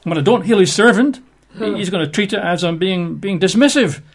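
A man's voice: lively intonation, gravelly, breathy edge, heavily acted. A man voicing a frantic, fearful ancient king in a dramatized Bible reading during a sermon. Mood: panicked. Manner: high, agitated, rushed exclamations.

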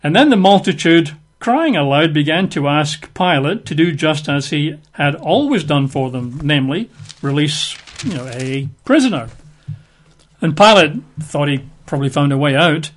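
A male preacher delivers a conversational Bible-teaching sermon in a somewhat high voice. He talks through the text with casual, chatty asides. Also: lively intonation, normal speed.

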